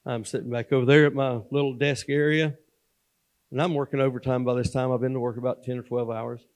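A man gives a sermon testimony from a church platform in a mid-pitched voice. His folksy delivery swings between loud, emphatic preaching and hushed, confiding asides. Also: flat delivery, a little fast. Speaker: guest speaker at a church. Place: church sanctuary.

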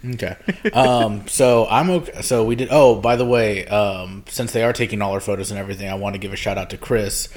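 A man's voice: fairly low pitch, steady tone, brisk, a little mellow. A man hosting a podcast in casual chat, rambling and loose with lots of ums and restarts. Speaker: podcast host. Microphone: podcast microphone.

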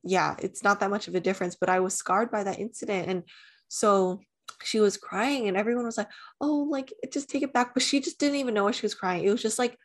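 A young woman co-hosting a podcast, telling a story in casual chat, animated, with lots of "like" and swearing. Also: medium pitch, fast. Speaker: podcast co-host.

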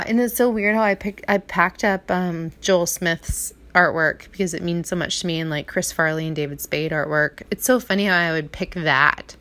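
A woman in her thirties, speaking a little low for a woman, pours out a personal monologue in a rambling, heartfelt way. She keeps stopping, restarting and saying "like". It sounds like a private vlog recorded at home. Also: fairly bright tone. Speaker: vlogger. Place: apartment at night.

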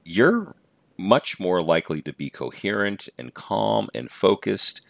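A man's voice: on the low side, expressive, measured pace, gravelly, dry recording. A middle-aged man hosting a podcast, giving an earnest talk on patience in numbered points. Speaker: podcast host and teacher-coach.

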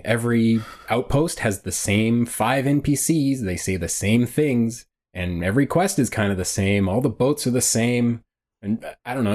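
A man's voice: medium pitch, darkish tone. A man hosting a casual gaming podcast, giving blunt, opinionated takes. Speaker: podcast host.

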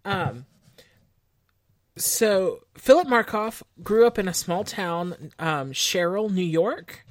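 A woman's voice: medium pitch, lively intonation, takes it slowly, no echo. A woman co-hosting a casual true-crime podcast, laying out her research in a matter-of-fact way with wry asides. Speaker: podcast co-host.

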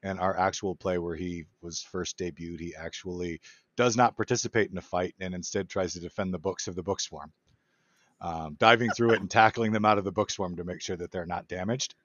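A deep-voiced man explains his design ideas with eager detail and plenty of fillers. His audio is a bit dull and dry, like a remote mic. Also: steady tone, a little fast, a bit bright, no room sound. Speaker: guest, game designer. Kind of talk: casual explanatory chat.

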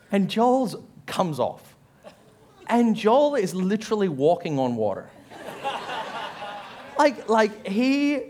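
A man with an Australian accent preaching a sermon as a pastor, telling funny family stories and acting out voices as he goes. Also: on the high side. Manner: animated storytelling, acts out quotes in a raised voice; self-mocking humor, laughs while telling stories.

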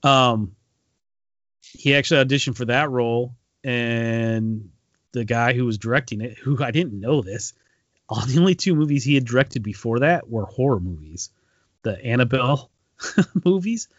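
A man's voice: medium pitch, lively intonation, normal speed, no room sound, dull audio. A man co-hosting a podcast, retelling a story in a rambling casual way with lots of ums and restarts. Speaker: podcast co-host. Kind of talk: casual chat.

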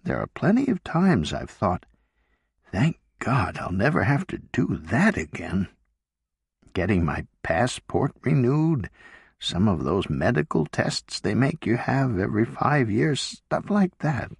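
A man voicing an elderly wife who speaks frankly and musingly, his voice raised in pitch. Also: very animated, measured pace, creaky, slightly rough, no echo, studio quality, exaggerated voice. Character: elderly woman, calm and candid wife.

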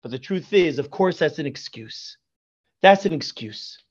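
High-voiced rabbi telling a story. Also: male voice, lively intonation, measured pace, muffled recording. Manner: effusive, repeats praise often. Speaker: rabbi guest. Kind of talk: Torah teaching and storytelling.

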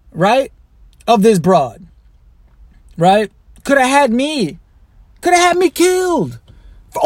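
A man's voice: very high voice, dry recording. A man hosting a podcast, telling a rambling, profane story in a casual monologue. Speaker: podcast host.

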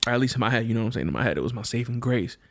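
A man's voice: medium pitch, very fast, creaky. A man telling a personal story in a casual, slangy way, acting out the other people's lines and often restarting his sentences. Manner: slangy, animated, acts out quoted voices; frequent restarts and repeated words.

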